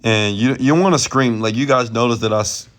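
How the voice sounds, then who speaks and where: At night, from his bed at home, an entrepreneur-mentor hosts a live question-and-answer stream. He has a mid-range, fairly bright voice and speaks a little fast, his talk loose, rambling and improvised, passionate and often loud.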